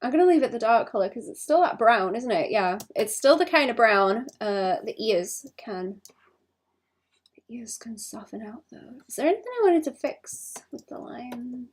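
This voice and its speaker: A woman's voice: fairly high pitch, expressive, normal speed, few pauses. Young woman rambling while she draws. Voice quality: vocal fry. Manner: thinks out loud, rambling and self-conscious. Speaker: illustrator streaming her drawing. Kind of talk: casual livestream chat while drawing.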